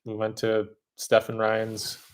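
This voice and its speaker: A man's voice: fairly low pitch, monotone, takes it slowly, low-quality recording. A man co-hosting a casual livestream, talking in a laid-back, hesitant way with lots of fillers. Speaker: co-host of a livestream Q&A.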